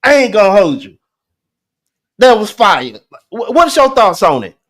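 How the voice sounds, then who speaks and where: A man hosting a poetry show, talking in a casual, animated way with lots of restarts and slang. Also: high-pitched, measured pace. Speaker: host. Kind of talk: casual chat.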